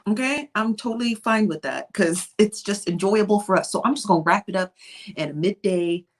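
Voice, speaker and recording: A woman's voice: mid-range voice, fairly quick. A woman hosting a casual live stream, chatting loosely and greeting her viewers one by one. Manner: chatty, greets viewers by name, drops into whispers. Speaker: livestream host.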